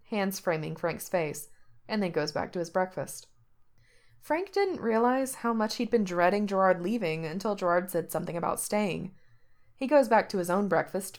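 A woman reading fiction aloud as narrator, with steady storytelling and lively rises in pitch.

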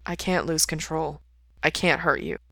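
Woman reading as a soft-spoken young vampire dude, short answers, bright voice. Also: low voice, normal speed, creaky, no room sound, studio quality, full character voice. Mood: quiet. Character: quiet, guarded young male vampire.

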